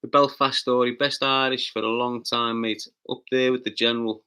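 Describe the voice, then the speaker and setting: A man with a Liverpool accent hosting a casual livestream, reading out chat comments with brash, sweary, rapid-fire banter and loud taunting outbursts. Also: mid-range voice, flat delivery, smooth. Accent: Liverpool (Scouse). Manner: bursts into loud taunting rants.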